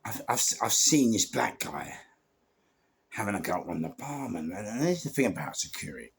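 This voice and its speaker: A man's voice: fairly low pitch, moderate pace, gravelly, breathy edge. A man with a London accent telling rambling stories about doing door security, full of restarts and asides. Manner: rambling, many restarts and fillers, animated asides. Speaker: podcast guest storyteller. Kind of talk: casual storytelling.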